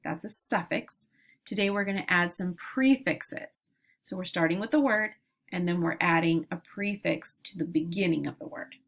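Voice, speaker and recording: A woman teacher leading a phonics lesson for young children, modeling each word slowly and deliberately. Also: on the low side, creaky, a bit bright.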